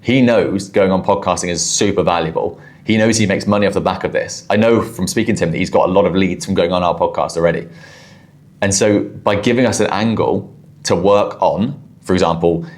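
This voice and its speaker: Deep-voiced man with a southwest English accent. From southwest England. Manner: quick-talking, explanatory, with restarts. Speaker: podcast host reviewing a clip. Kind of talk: commentary on a recorded podcast.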